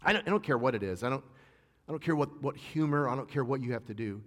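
A male pastor delivers a sermon, moving between plain teaching and personal stories and pressing his points with emphasis. His voice sits at an ordinary pitch for a man. A long reverb from the large church hall trails each phrase. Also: fast, fairly bright tone.

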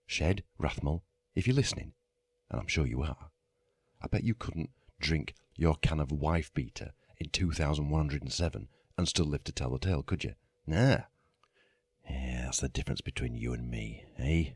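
A man's voice: extremely low pitch, moderate pace, darkish tone, slightly rough. A middle-aged man, ranting sweary and mock-outraged as a podcast host. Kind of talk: comic monologue rant.

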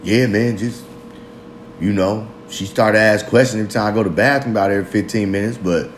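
A man's voice: lowish voice, fairly even intonation, fast, a little hiss or hum. A man in his thirties hosting a solo confessional monologue, rambling, swearing a lot and mocking himself with frequent laughs. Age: 30s. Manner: rambling, profane, self-mocking, laughs often. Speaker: podcast host. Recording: roomy echo.

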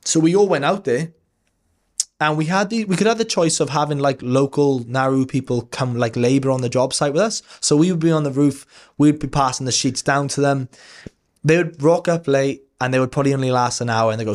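A man's voice: mid-range voice, a little fast. A man in his thirties telling a personal story as a podcast guest, casual and earnest, rambling with frequent restarts and some swearing.

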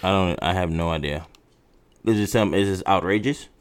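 A man's voice: low-pitched, moderate pace. A man co-hosting a casual chat, reacting with disbelief and swearing. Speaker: podcast co-host.

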